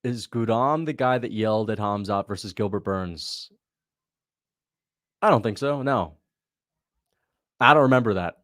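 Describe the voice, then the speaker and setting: A young livestream host reacting to fights talks in a fairly bright voice that sits on the low side. He's relaxed and chatty, quick with a laugh, thanking viewers and reading donations, in a dry, studio-quality recording.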